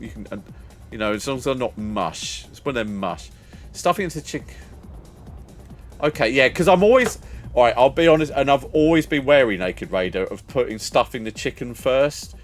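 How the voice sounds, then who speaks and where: An older man, chatting casually with viewers as a streamer, rambling and laughing often. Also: fairly low pitch. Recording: faint music behind.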